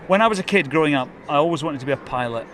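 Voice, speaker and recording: A man talks in an eager, rambling way, often breaking into laughter. His voice sits a little high for a man. Faint outdoor event noise runs underneath. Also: animated, racing, a bit bright. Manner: enthusiastic, laughs a lot, rambling. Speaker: radio presenter. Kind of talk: excited casual chat.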